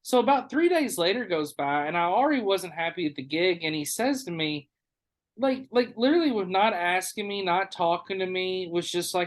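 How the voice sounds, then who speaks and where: A man hosting a podcast, telling a story in a casual, animated way with lots of swearing and acted-out dialogue. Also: sits high, normal speed. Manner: animated, profane, acts out others' lines. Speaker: podcast host.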